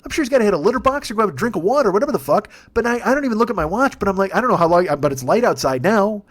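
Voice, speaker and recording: A man telling a long comic story in a profane, rambling, animated way, as a podcast host. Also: high voice, very fast. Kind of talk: comedic storytelling monologue.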